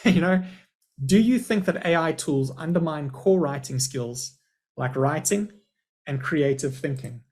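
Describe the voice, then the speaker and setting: Man, middle-aged, school principal, webinar presenter, upbeat, chatty, fairly high voice, video call. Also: animated, a little slow, a little mellow.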